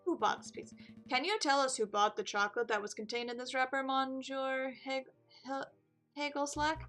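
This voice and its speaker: Woman doing a male bird defense attorney, earnest, brisk, formal, bright voice. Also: sits high, fairly even intonation, soft background music.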